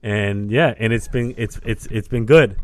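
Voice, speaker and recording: A man's voice: lowish voice, moderate pace. A young man co-hosting a podcast in loose, rambling casual chat, often repeating himself. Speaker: podcast co-host.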